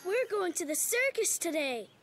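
An excited little boy twin. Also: moderate pace, soft background music, exaggerated voice. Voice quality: high childlike voice.

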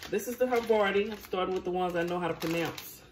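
A woman with a Southern US accent hosting a casual cooking vlog, chatty and quick to laugh at herself. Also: fairly low pitch, slight background noise. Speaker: cooking show host.

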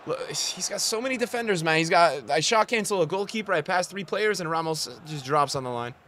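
A man's voice: on the high side, brisk, a little hiss or hum. Frustrated young man streaming a game. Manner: swings from flat grumbling to loud outbursts, swears a lot. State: sore throat. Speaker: gaming streamer. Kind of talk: live gameplay commentary.

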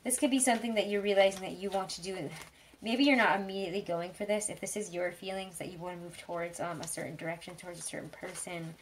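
A woman giving a casual tarot reading, chatty and rambling, with frequent fillers and soft laughs. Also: lowish voice, fairly even intonation, fast, slight background noise. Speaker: tarot reader.

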